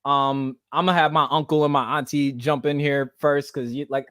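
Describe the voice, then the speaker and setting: A man hosting a podcast in casual panel chat over a video call, animated and slangy, often asking "you know what I'm saying". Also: fairly high pitch, moderate pace, no echo, studio quality. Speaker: podcast host.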